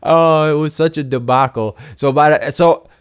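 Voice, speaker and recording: A man hosting a podcast, telling a long, profane, animated story and acting out both sides of a support call. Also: a little high, moderate pace, smooth, no room sound, clean studio sound. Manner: animated, swears constantly, acts out both sides of conversations. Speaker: podcast host.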